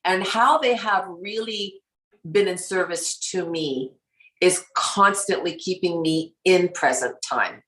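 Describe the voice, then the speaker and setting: A woman guest in a casual conversation about her spiritual work, telling stories lively and acting out quoted exchanges, often laughing. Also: on the low side, slow pace. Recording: roomy echo.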